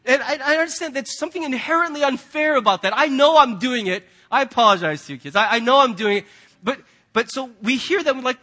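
High, bright-voiced pastor preaching. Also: male voice, lively intonation, fast talker. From United States. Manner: conversational and emphatic, with casual asides. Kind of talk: sermon.

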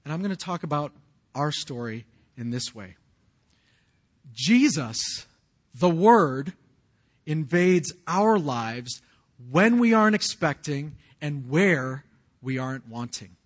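This pastor, a man in his forties, sounds a little high and animated, keeping a measured pace. He weaves his own testimony into the sermon in a conversational style, full of casual slang and restarts.

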